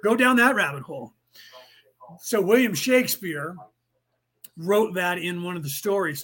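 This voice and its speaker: A man's voice: sits high, animated, a little slow, pauses often, fairly bright tone, slightly rough. A man hosting a podcast, talking casually and emphatically, rambling and reading out listener comments. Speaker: podcast host.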